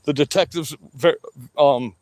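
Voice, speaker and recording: A man's voice: on the high side, measured pace, a little mellow, no echo. A man hosting a livestream, taunting and cursing at viewers in a combative rant. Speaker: livestream host. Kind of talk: ranting livestream talk to viewers.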